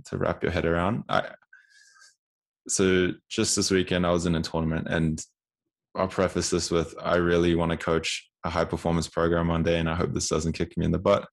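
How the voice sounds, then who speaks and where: A man's voice: low-pitched, creaky. A man in his twenties telling candid stories in casual conversation, often repeating words as he goes. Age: 20s.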